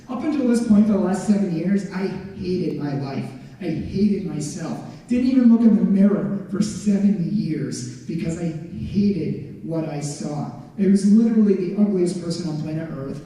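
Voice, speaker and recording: A man's voice: high voice, warm tone. A young man giving a religious testimony as a guest speaker, talking in a casual, chatty way full of filler words. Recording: echoey hall, voice heard from far off.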